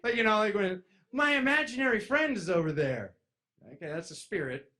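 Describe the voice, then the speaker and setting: A man's voice: sits high, normal speed. A man giving a casual spiritual talk to an audience, telling stories and acting out other people's voices. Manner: animated, acts out voices in stories, addresses crowd as "you guys". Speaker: spiritual speaker.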